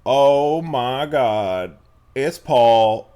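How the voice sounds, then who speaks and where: Profane, shouty young man streaming a game. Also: mid-range voice, very slow, clear, resonant tone. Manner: profane, yelling at the game, lively swings. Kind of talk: live gameplay commentary.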